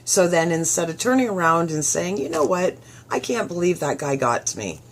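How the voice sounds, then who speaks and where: A woman's voice: on the low side, big pitch swings, moderate pace, slight background noise. A middle-aged woman hosting a motivational radio show, chatty and upbeat, acting out the thoughts she quotes. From southwestern Ontario, Canada.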